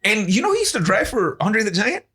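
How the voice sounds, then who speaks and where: A man's voice: high-pitched, sing-song, brisk, background noise. A man co-hosting a podcast, chatting casually, laughing often and swearing as he rambles through stories. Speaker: podcast co-host. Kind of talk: casual chat.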